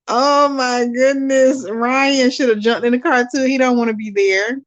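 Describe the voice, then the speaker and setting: A woman hosting a live watch-along, reading viewer comments aloud and chatting casually to her audience, animated and quick to laugh. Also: sits high. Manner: animated, laughs often, talks straight to viewers. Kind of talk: casual live-stream chat.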